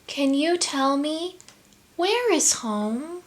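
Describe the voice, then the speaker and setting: A small, anxious penguin chick voiced by a woman calls out in high, plaintive tones. Her pitch rises and falls widely as she pleads. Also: animated, drawn-out words, heavily acted. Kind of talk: storybook character voice.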